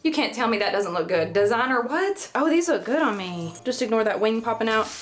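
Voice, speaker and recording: A woman's voice: fairly high pitch, big pitch swings, brisk, slight background noise. A woman with a Southern US accent chatting casually through a DIY craft vlog, joking and rambling, now and then stumbling over her words, recorded in a bathroom. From Southern United States.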